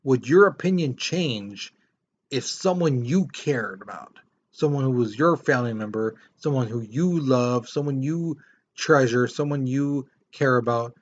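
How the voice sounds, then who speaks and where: A man's voice: medium pitch, a little slow. A man teaching a history lesson in a casual, conversational way, often repeating words as he explains. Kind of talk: classroom lecture. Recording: slightly dull lo-fi recording.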